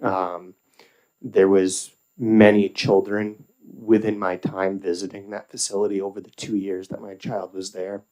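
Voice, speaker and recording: A man testifying before a committee in a very low, flat voice. He speaks in a formal, measured way with occasional fillers. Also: rough recording. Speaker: public witness at a legislative hearing.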